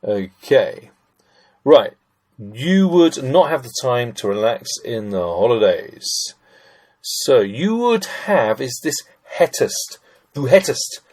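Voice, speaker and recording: Very animated yet slow-paced, this middle-aged man has a medium-pitched, slightly mellow voice. In a screen-recorded German grammar lesson, he chats and thinks aloud through each sentence, addressing his listeners as ladies and gents.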